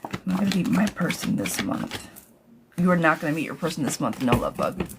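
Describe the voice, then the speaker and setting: A tarot reader on a live stream answers viewers' questions in a deep, creaky voice, talking briskly over background noise. She's chatty and blunt, swears freely, and calls people girl and love bug, getting riled up into rants before calming herself.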